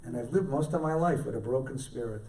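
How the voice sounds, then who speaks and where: A man's voice: medium pitch, natural voice. A man voicing an elderly male Holocaust survivor with a thick foreign accent, curt and repetitive, in a roomy hall with a distant mic. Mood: softly moved. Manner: curt, repeating himself, then soft and halting.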